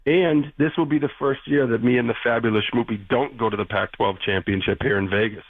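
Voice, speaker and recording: A man's voice: mid-range voice, fairly even intonation, quick pace, dry recording. Teasing Boston man on a muffled line. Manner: playful, teasing, laughs often. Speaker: radio correspondent calling in. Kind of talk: casual radio chat. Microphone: phone line.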